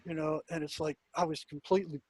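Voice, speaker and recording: A man, a guest in an interview, telling a story from his prison work in a casual, animated way, restarting sentences and laughing now and then. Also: fairly high pitch, fast, dry recording.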